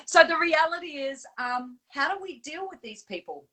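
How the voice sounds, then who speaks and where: A woman co-hosts a casual live chat in a high, bright voice. She is chatty and animated, with plenty of fillers and quick laughs. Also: low-quality recording. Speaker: co-host.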